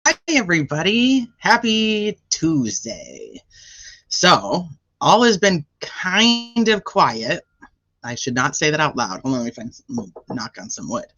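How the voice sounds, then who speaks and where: A man's voice: on the high side, sing-song, unhurried, highs cut off. A man hosting a casual livestream and chatting with viewers, with a sore throat. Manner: chatty, greets viewers by name. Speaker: livestream host.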